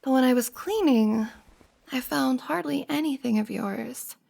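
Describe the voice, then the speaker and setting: A flustered young best friend, played by a woman in a whispered role-play, soft and earnest, pleading and stumbling over her words. Her fairly high voice has a gravelly fry at the ends of phrases. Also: measured pace. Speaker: ASMR roleplay performer.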